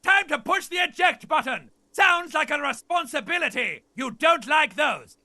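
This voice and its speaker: A man voicing a shrieking, panicky male inner voice that urges escape, shouting from off mic. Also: animated, moderate pace, exaggerated voice. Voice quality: shrill, shouting. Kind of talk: video game voice acting.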